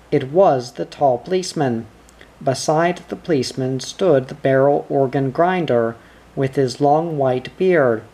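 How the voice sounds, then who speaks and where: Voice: mid-range voice, dark tone. A narrator reading a children's storybook aloud.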